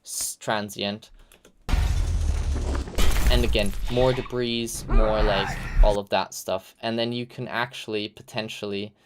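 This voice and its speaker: Low-voiced casual male stream host. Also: fairly even intonation, normal speed, hardly any pauses, noisy background. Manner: loose and chatty, heavy "like" fillers, occasional swearing. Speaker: host reviewing game audio reels. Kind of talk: casual live-stream feedback.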